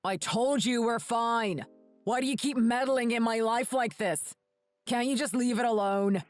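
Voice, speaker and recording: A woman's voice: on the high side, unhurried, faint music behind, natural voice. A woman doing a curt, contemptuous grown son. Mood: scornful. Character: rude, bitter adult son.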